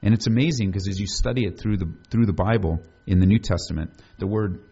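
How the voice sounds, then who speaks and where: A man's voice: lowish voice, quick pace, gravelly, mellow, husky, dull audio. A man preaching a sermon in a conversational way, putting questions to the congregation. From United States. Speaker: pastor.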